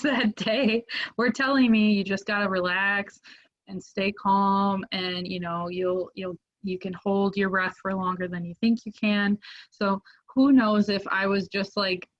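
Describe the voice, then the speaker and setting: A young woman telling a story as a podcast guest in a casual, animated way, full of filler words. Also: mid-range voice. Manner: animated, many "like" fillers, acts out quoted voices. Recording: muffled lo-fi audio.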